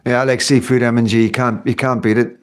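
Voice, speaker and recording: Man, livestream host, rambling casual chat, filler-heavy, mid pitch. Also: flat delivery, fast, clear, resonant tone. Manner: rambling, chatty, many fillers and tag questions.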